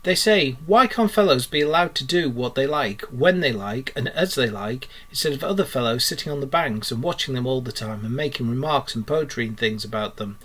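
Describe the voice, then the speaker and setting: A man's voice: medium pitch, fairly quick, hardly any pauses. A man playing a cheerful, hearty water rat. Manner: bright, hearty, lively. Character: cheerful good-natured male water rat. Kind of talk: storybook reading.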